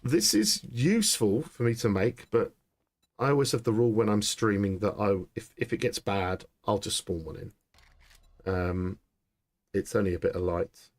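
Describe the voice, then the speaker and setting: Excitable man streaming gameplay. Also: fairly low pitch, normal speed. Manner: chatty, excitable, thinking aloud. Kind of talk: live gameplay commentary.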